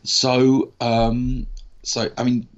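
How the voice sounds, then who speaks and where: An English actor telling a candid, animated story from his career in a casual interview, swearing now and then. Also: mid-range voice, drawn-out words, dull audio. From England. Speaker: actor guest.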